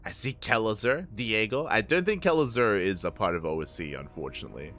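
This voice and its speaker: A man with a lowish voice calls a live match in the small hours, worn out and slurring his words a little. He chats away with the audience and keeps repeating his hype catchphrases. Soft music plays faintly underneath. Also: lively intonation, brisk. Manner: chatty, hypes with repeated catchphrases. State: tired, late at night. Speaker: esports caster. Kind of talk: live game commentary.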